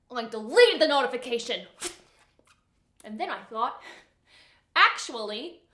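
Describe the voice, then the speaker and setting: A woman's voice: sits high, pitched above the performer's own voice, exaggerated voice. A woman performing a comedic monologue in a New York accent, playing an impulsive young woman fuming over a breakup. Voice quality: animated, exasperated delivery. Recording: echoey room.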